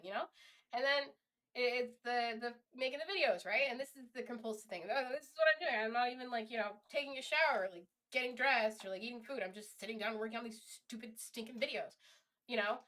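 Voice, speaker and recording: A woman streamer talking through her feelings in a halting, candid monologue, often restarting and swearing freely. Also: fairly high pitch, fairly bright tone.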